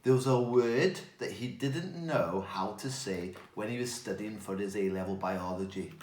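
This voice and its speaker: A man giving a playful, animated talk to children. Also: on the low side, normal speed, roomy sound, noisy background. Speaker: children's speaker.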